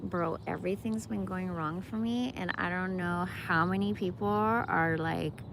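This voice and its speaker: A woman's voice: on the low side, measured pace, vocal fry. Casting note: woman in her 40s, loose rambling vlogger, profane slang, noisy outdoor phone audio. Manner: rambling, slangy, profane, says bro often. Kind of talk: casual vlog chat. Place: outdoors in a park.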